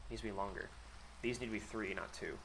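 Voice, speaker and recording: A man with a bright, forceful voice talks through a live game stream in casual, rambling chat. He swears freely, mocks himself and teases his viewers while muttering as he builds. A faint hum of noise sits under his voice. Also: fairly low pitch, fairly even intonation, fast talker. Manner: swears often, jokes and banters with chat. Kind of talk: casual live gameplay commentary.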